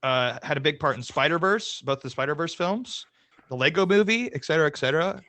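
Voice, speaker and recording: A young man in his twenties co-hosting a movie podcast with a bright, forceful voice. He talks casually, swears freely and breaks into laughter. The sound is dry and close, from a remote call. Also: on the high side, fairly quick, dry recording. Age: 20s. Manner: animated, profane, laughs often. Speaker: podcast co-host. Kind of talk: casual chat.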